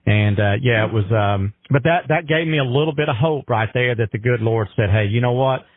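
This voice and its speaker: A man's voice: medium pitch, brisk, dry recording. A man speaking earnestly and emphatically in a heartfelt radio conversation, with a folksy way of talking. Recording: dry tinny phone-line radio.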